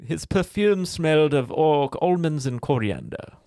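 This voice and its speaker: A man's voice: a little high, lively intonation, unhurried, mellow, no echo, clean studio sound, pitched above the performer's own voice. A man voicing a pompous, creepy clergyman suitor in an odd put-on accent. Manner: theatrical, showy delivery.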